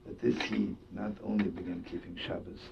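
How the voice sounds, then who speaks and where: Here is a gravelly male voice, a little fast, with little movement in pitch. He's a rabbi and storyteller whose sermon unfolds as a story, peppered with Yiddish and punctuated by laughter. The sound is lo-fi, dull, and distant, with a faint rumble.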